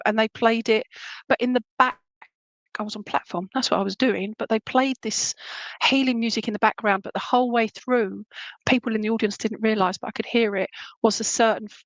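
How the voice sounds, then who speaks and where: A woman's voice: a little high, no room sound, low-quality recording. A woman giving a live psychic reading to one viewer, rambling and affectionate, often stopping to ask whether what she says makes sense. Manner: warm endearments, rambling, frequent "would that make sense?" check-ins.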